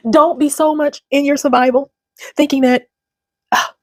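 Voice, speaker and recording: A woman's voice: high voice, steady tone, normal speed, dry recording. A woman in her fifties giving an earnest, emotional motivational talk to her viewers, close to tears at times. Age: 50s. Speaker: channel host. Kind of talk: personal motivational talk to camera.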